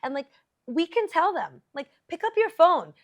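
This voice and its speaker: A woman's voice: extremely high pitch, big pitch swings, moderate pace. A woman hosting a podcast in casual interview chat, talkative and earnest, with lots of "like" in her speech. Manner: chatty, fillers of "like", earnest and open. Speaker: podcast host. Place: studio.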